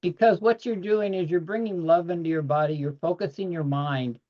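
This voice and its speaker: A man's voice: fairly high pitch, moderate pace. A man speaking as a guest on a panel discussion over a video call, earnest and expansive, laughing often as he talks. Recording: dull lo-fi audio.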